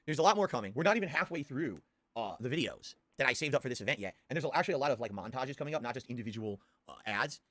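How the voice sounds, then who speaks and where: Male streamer, excitable and crude, bright forceful tone, rapid delivery. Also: mid-range voice, no room sound. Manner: crude, swearing, excitable, bursts into loud laughter. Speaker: live-stream host reacting to old ads. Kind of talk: casual live-stream commentary.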